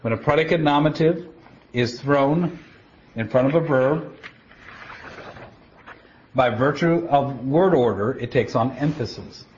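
Man, preacher, Bible teaching, deliberate and explanatory, mid-range voice, dull lo-fi recording. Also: medium pitch, darkish tone, a little hiss or hum. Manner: explanatory, deliberate, with restarts and quotations.

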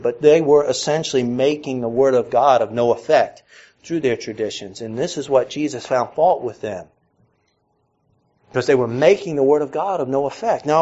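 A man's voice: mid-range voice, a little fast, a little mellow, muffled recording. A man preaching a sermon to a congregation, with a mix of Northern and Southern American accent. He asks earnest questions and builds to emphatic peaks. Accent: mixed Northern and Southern American. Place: church before a congregation.

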